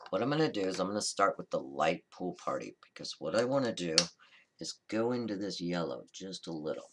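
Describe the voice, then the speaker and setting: A man hosting a card-making tutorial, talking through a coloring demonstration in a relaxed, chatty, reassuring way and often correcting himself mid-sentence. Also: sits low, noisy background. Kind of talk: casual step-by-step crafting demonstration.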